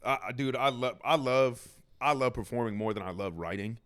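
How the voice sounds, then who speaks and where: A man's voice: mid-range voice, brisk. Laid-back slangy guest rapper, man. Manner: relaxed, slangy, keeps saying "bro". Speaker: guest musician. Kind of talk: casual podcast conversation.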